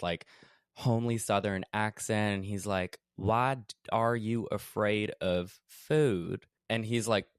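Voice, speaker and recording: A man's voice: deep voice, no room sound, studio quality. A young man hosting a podcast in a casual, chatty way, full of "like" and "you know". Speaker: podcast host. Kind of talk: casual conversational discussion.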